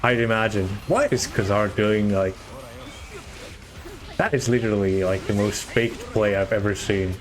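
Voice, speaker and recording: A man's voice: lowish voice, measured pace, faint music behind. A man from Germany, chatting casually while commentating a live fighting-game tournament and handling its organization. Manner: chatty, restarts sentences, excitable on big plays.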